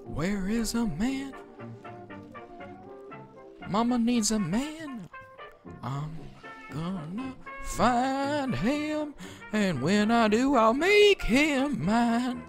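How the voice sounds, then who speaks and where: A woman's voice: on the high side, very animated, drawn-out words, pauses often, music in the background, heavily acted. Woman putting on a crude, man-hungry game mother. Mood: sing-song. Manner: theatrical, crude, sing-song rhymes.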